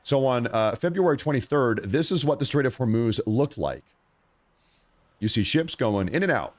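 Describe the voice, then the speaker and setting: A man hosting a live news commentary stream, talking straight to his viewers with excitement while he is losing his voice. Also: medium pitch. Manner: excitable, addresses viewers directly. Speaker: livestream host.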